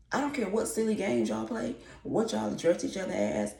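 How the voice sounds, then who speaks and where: A woman's voice: medium pitch, big pitch swings, moderate pace, creaky, dark tone. A woman, ranting in a casual, profane, rambling vlog about her apartment. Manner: exasperated, profane, rambling rant. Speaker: vlogger. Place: apartment at home. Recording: echoey room.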